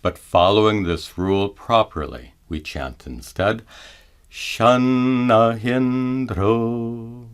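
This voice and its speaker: A middle-aged man teaching Sanskrit chanting in a measured, calm manner, pausing to chant each example slowly. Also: low voice. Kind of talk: slow explanatory lesson with chanted examples.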